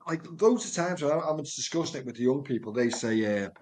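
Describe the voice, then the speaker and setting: A mid-pitched man shares stories from his work in a conversation. He talks earnestly and animatedly, often repeating a word as he gathers speed. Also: lively intonation, fairly quick, darkish tone. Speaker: project manager and guest. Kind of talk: storytelling in conversation.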